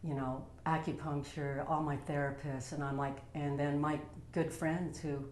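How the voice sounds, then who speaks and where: A woman's voice: deep voice, level tone, a little slow, darkish tone, a little hiss or hum. A woman at home telling her personal story in a casual, heartfelt and rambling way, full of fillers. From Utah. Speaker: vlogger sharing a personal story. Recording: roomy echo.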